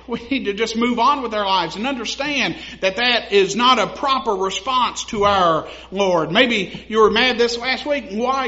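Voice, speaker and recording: High-voiced, bright-toned man preaching. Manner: conversational preaching, laughs at own stories, rises to emphatic. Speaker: pastor. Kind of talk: sermon. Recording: dull lo-fi sound.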